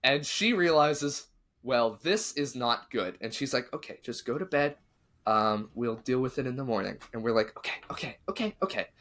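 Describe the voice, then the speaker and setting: A man hosting a podcast, telling a spooky story in casual chat and acting out what the people in it said. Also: medium pitch. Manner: animated, acts out quotes of the people in his story.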